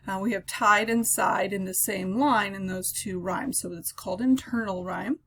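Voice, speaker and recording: Woman lecturer, mid-pitched, explanatory recorded lecture with plenty of filler words. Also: steady tone, normal speed, few pauses, a bit bright. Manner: explanatory, with frequent ums and uhs. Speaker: teacher.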